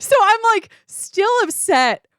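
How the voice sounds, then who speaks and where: A woman in her thirties, a podcast co-host, telling a story in a casual faith chat, animated and laughing often. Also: extremely high pitch, slow, no echo, clean studio sound.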